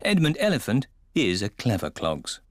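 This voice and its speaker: A man narrating a children's cartoon in a clear storybook manner. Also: mid-range voice, wildly swooping pitch, normal speed. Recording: loud music underneath.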